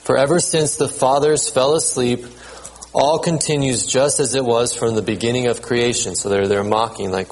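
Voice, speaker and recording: Male pastor, relaxed sermon delivery, halting repeats, measured scripture reading. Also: mid-range voice, a little hiss or hum, poor audio. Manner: conversational, repeats words, checks in with "okay?"; reads scripture aloud in a measured cadence.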